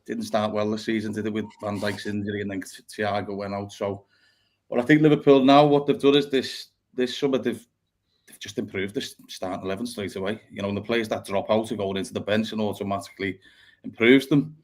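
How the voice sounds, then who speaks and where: A man's voice: lowish voice, steady tone, brisk. A man, a guest panelist on a casual football chat, talking analytically and leaning on tag questions.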